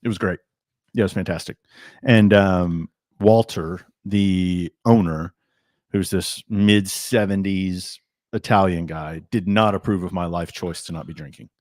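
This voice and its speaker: A man's voice: low-pitched, measured pace, darkish tone, no room sound, clean studio sound. A man hosting a livestream from a tasting room, chatting casually and telling rambling anecdotes. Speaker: livestream host. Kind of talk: casual chat over drinks.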